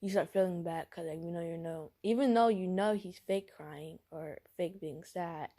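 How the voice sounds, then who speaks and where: A woman's voice: fairly low pitch, normal speed, mellow. Rambling young woman telling a story. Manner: rambling with many fillers and giggles. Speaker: storyteller for a listener role-play. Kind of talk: casual spoken storytelling.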